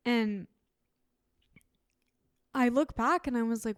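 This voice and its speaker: A woman's voice: a little high, slow pace, long pauses, clean tone, dry recording, studio quality. A young adult woman co-hosting a podcast in casual chat, talking candidly and saying "like" a lot. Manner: candid, chatty, heavy use of "like". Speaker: podcast co-host.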